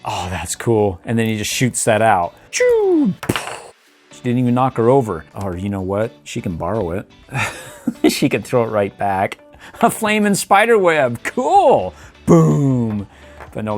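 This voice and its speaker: Playful middle-aged man with lively delivery. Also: lowish voice. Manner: playful, chuckling, makes sound effects while posing toys. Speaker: toy reviewer host. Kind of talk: casual toy review commentary.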